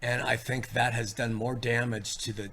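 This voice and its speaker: A middle-aged man speaking as an interview guest, earnest and self-reproaching, emotional, his voice swinging from a low murmur to loud. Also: little pitch movement, moderate pace, slight background noise.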